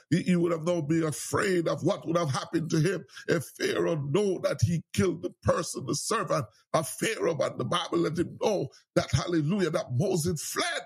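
A male preacher delivers a sermon in a fervent, repetitive style, breaking in again and again with cries of praise. His voice sits a little high and sounds husky. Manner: fervent, repetitive exhortation with frequent interjections.

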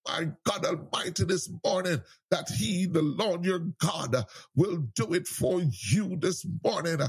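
A male preacher delivers a sermon in a fervent, repetitive style, breaking in again and again with cries of praise. His voice sits a little high and sounds husky. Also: a little slow. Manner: fervent, repetitive exhortation with frequent interjections.

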